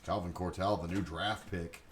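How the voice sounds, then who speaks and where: Guy doing live game commentary on stream, lowish voice, gets loud on big plays, noisy audio. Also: normal speed. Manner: excitable, rises to shouts on big plays, chatty asides.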